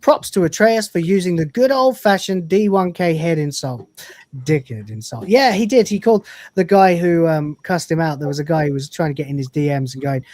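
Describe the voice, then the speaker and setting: A man's voice: a little high, a little fast, no echo. Jokey man reading donations. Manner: jokey, laughing, animated reading of messages. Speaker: livestream co-host reading donations. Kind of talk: casual chat.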